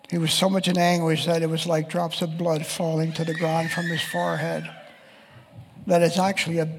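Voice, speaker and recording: A man's voice: high voice, gravelly, big-room sound, slight background noise. A man preaching a sermon, reading scripture passages aloud and explaining them. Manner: reads scripture aloud and quotes voices of the text.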